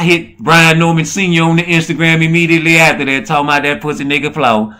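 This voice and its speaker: A man's voice: fairly high pitch, flat delivery, fast, hardly any pauses, pushed and bright, clean tone. A man hosting a boxing commentary rant, rambling and peppering his talk with "you know" and "man". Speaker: host.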